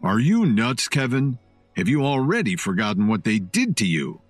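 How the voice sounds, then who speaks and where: A man voicing a powerful young man who shouts furious threats in a storybook reading. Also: mid-range voice, very animated, normal speed, no room sound, soft background music. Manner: shouting, menacing.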